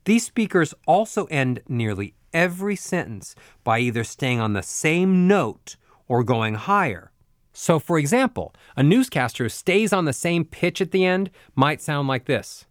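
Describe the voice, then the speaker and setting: A man coaching voice exercises, talking the listener through each drill and then demonstrating it. His voice sits a bit higher than most men's. The recording is close and dry, with no room sound. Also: very animated, measured pace, dry recording. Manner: demonstrative, sings and mimics examples. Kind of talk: instructional narration.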